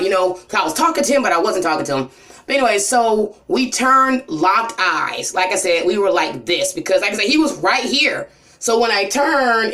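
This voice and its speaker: A woman telling a personal story in a rambling, emotional vlog, full of "you know" and "like". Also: fairly bright tone. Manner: voice drops low and cries near the end. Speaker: vlogger.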